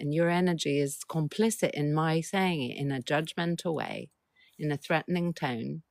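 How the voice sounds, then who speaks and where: A woman, a mental health coach, talking gently to viewers on a livestream and coaxing them to respond. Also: sits low, dry recording. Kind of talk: livestream talk.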